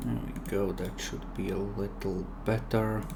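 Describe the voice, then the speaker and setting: A man running an online tabletop game as game master, joking and relaxed, swearing casually, heard over noisy voice chat. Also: lowish voice, measured pace, vocal fry.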